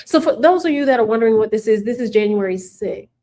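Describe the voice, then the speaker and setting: A woman's voice: on the high side, lively intonation, fast talker, warm tone. A woman hosting casual political commentary, sarcastic and emphatic, repeating her points for the viewers.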